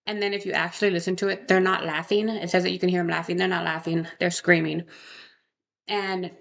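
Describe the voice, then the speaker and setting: Woman, gravelly, lowish, casual rambling, rhetorical questions. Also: little pitch movement, fairly quick, muffled recording. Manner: rambling, self-correcting, asks rhetorical questions. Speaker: true crime storyteller. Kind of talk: casual chat.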